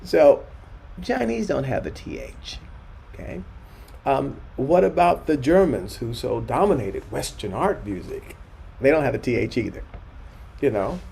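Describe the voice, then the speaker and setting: Older man, gravelly storytelling voice. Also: mid-range voice, big pitch swings, a little slow, dark tone. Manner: reflective, frequent restarts, acts out quoted voices. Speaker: choral conductor speaking at a forum. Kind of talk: anecdotal storytelling talk.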